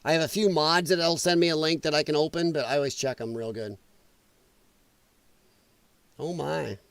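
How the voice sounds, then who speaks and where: High-voiced sarcastic livestream host. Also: male voice, moderate pace, creaky, clear, resonant tone, dry recording. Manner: heated, sarcastic rant with mocking put-on voices; chats with live viewers while reading chat. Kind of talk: political commentary livestream.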